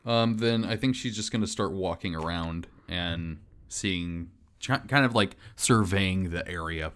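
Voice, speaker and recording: A man's voice: low voice, unhurried, a bit bright, smooth. A man playing a tabletop game, thinking aloud in a casual way. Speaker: player.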